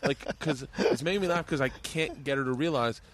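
A man's voice: mid-range voice, a little fast, fairly bright tone. A man hosting a podcast, telling casual stories, laughing easily and swearing now and then. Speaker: podcast host. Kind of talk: casual chat. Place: outdoors at home.

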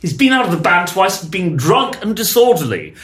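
A man's voice: high-pitched, a little fast. Enthusiastic man in a roomy room. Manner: enthusiastic, reads quotes with lively emphasis. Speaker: podcast host. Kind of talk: casual chat, reading archive excerpts aloud.

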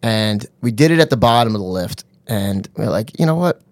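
Animated storytelling man, dry close sound. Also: lowish voice, moderate pace, dry recording. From New York area. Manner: animated storyteller, laughs often, fillers like "you know" and "bro". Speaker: podcast guest. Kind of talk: casual storytelling.

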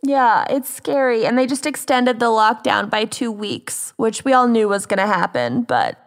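A woman co-hosting a podcast, chatting casually in a slow, wry way. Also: fairly high pitch, lively intonation. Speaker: podcast co-host. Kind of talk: casual chat.

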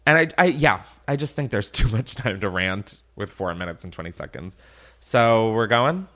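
Animated, swearing male podcast host. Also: lowish voice, moderate pace. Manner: animated, exasperated ranting with frequent swearing. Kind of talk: casual podcast rant.

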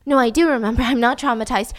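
Woman putting on a flustered young woman, defensive protests, high voice. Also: fairly even intonation, quick pace, natural voice. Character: bewildered young woman under police questioning.

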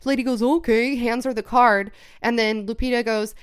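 A young woman co-hosting a podcast, telling a story in casual chat, animated, swearing often and acting out what people said. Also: a little high, fairly quick, clear, resonant tone. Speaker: podcast co-host.

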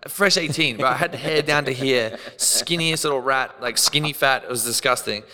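Bright, crisp Australian man telling wild stories. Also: mid-range voice, normal speed, in a large hall. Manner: animated, profane, laughs often, acts out quotes. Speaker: podcast guest. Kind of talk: casual storytelling.

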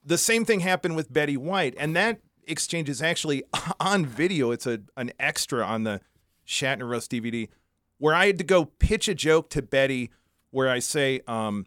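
A man's voice: fairly high pitch, lively intonation, normal speed, a bit bright, dry recording, studio quality. A man, a comedy writer, telling roast stories as a podcast guest and laughing often as he talks. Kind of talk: anecdotal interview storytelling.

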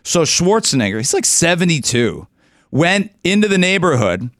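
A Canadian man hosts talk radio in an emphatic, opinionated way. His voice sits a little high for a man. The studio sound is dry and close. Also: very animated, moderate pace, fairly bright tone, dry recording. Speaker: radio talk show host.

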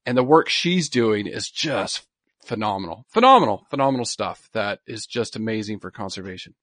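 A man, co-hosting a casual podcast. He talks with eager enthusiasm and repeats words in excited bursts. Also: lowish voice, normal speed, no room sound. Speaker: podcast co-host.

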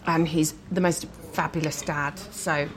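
A woman guest chatting over a restaurant meal, giggly and warm-hearted, talking easily. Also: low voice, steady tone, normal speed, a little hiss or hum. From London. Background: cutlery and dishes clattering.

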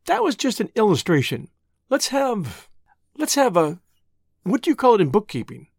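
An audiobook reader voicing a spirited, scheming young woman in a brisk, teasing manner. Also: medium pitch, huge pitch swings, vocal fry, breathy edge, no echo, clean studio sound, exaggerated voice. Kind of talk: audiobook reading.

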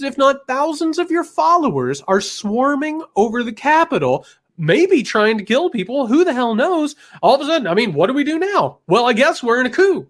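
A man co-hosts a heated political podcast, his voice pitched high for a man. He talks in emphatic bursts of outrage that drop into low, grim asides. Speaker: podcast co-host, political commentator.

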